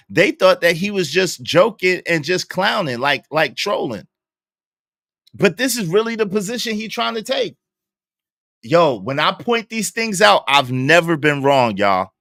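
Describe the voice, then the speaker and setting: A young man with a Brooklyn accent, giving slangy, animated live-stream commentary and laughing often. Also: high-pitched, dry recording, clean studio sound. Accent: Brooklyn New York. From Brooklyn, New York. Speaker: streamer reacting to a show.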